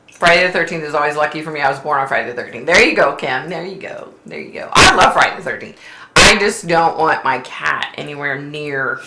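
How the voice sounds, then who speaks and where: A woman's voice: deep voice, creaky, bright, forceful tone, roomy sound. A woman hosting a casual live stream, chatting with viewers and reading their comments aloud, with lots of "like" and "you know.". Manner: chatty, says "like" and "you know" a lot, reads out chat messages. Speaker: livestream host, psychic.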